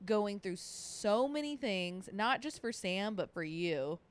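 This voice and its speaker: A young woman co-hosting a casual podcast, talking expressively and often trailing off mid-thought, with frequent swearing. Her voice is clear and smooth. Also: mid-range voice, lively intonation, slow pace. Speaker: podcast co-host.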